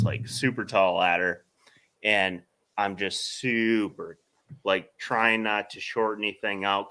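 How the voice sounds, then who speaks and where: Bright-voiced man telling a story. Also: deep voice. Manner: animated storyteller, swears freely, laughs through the story. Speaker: podcast co-host. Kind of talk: casual storytelling chat.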